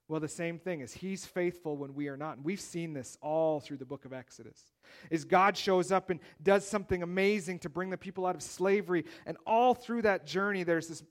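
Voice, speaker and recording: A male pastor giving a sermon in a conversational way, reading scripture aloud with emphasis and swinging from loud phrases to hushed ones. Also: on the high side. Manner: conversational preaching with restarts and wide swings in loudness.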